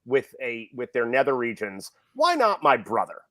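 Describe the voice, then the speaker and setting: A middle-aged film director, guesting on a podcast, casually tells a story and animatedly acts out the people he quotes. His voice is medium-pitched at normal speed, and the recording is dry.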